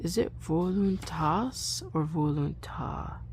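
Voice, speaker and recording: A woman with a fairly low voice works slowly through a recitation in a casual home recording. She thinks aloud, checks herself, and drops into soft asides between lines. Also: vocal fry, a little hiss or hum. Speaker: Latin learner recording her practice. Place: bedroom at home.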